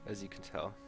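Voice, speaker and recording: A man's voice: fairly low pitch, creaky. Rambling male gameplay commentator. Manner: rambling, hesitant with fillers. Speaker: let's play commentator.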